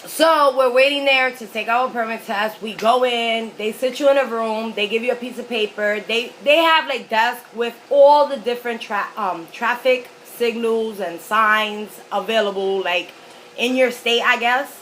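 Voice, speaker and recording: A woman's voice: a little high, measured pace, fairly bright tone, a little hiss or hum, low-quality recording. A woman vlogger telling a story in a chatty, rambling way while she eats, with lots of fillers. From New York City. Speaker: mukbang vlogger. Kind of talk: casual storytelling while eating.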